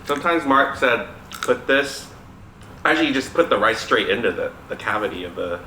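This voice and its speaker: Giggly, chatty man with lively pitch. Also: a little fast. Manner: chatty and giggly, rambling with lots of "like". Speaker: co-host of a home mukbang channel. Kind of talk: casual chat while eating. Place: at home, at the dinner table. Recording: echoey room with background noise.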